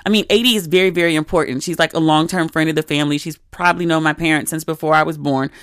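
A woman's voice: sits low, quick pace, clean tone, no room sound, clean studio sound. Chatty woman hosting a podcast. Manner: animated, conversational storytelling with asides. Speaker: podcast host. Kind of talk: casual solo chat.

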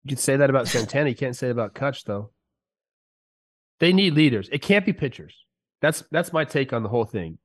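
A man's voice: medium pitch, sing-song, fairly quick. A man who used to play pro ball, talking sports on a podcast in a heated, emphatic way while sick. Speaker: podcast co-host, former player. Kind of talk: casual sports talk. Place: podcast studio.

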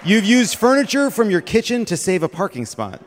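A man hosting a comedy segment on a live stage, playful and quick, laughing between lines. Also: sits high, very animated, big-room sound, slight background noise. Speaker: host. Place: theater stage with audience.

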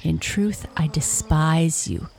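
A woman's voice: low voice, gravelly, darkish tone, slight background noise, exaggerated voice. A woman voicing a cunning, cruel male fox who mocks and gloats over his trapped friend. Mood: jeering. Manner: jeering, drawn-out taunts.

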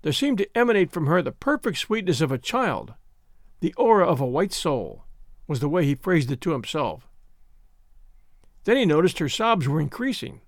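A man reading a novel aloud as narrator, dramatic and expressive. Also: on the high side, moderate pace, dry recording, clean studio sound. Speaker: audiobook narrator.

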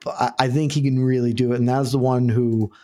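A man's voice: medium pitch, little pitch movement, quick pace, warm tone. Chatty laughing man co-host. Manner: rambling, laughs often, restarts sentences. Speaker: podcast co-host. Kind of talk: casual chat.

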